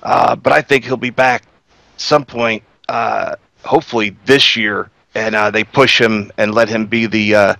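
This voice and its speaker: A man co-hosting a casual wrestling review, giving blunt, critical opinions in a relaxed way. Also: fairly low pitch, measured pace, creaky, no room sound.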